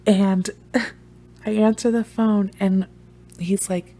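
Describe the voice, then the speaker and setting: A woman's voice: medium pitch, slow pace, long pauses. A young woman casually telling a funny, profane story as a vlogger. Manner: animated, profane, joking.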